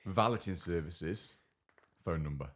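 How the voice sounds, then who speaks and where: Deep husky man telling stories. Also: measured pace. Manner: rambling, amused storytelling. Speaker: podcast co-host. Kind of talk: casual chat.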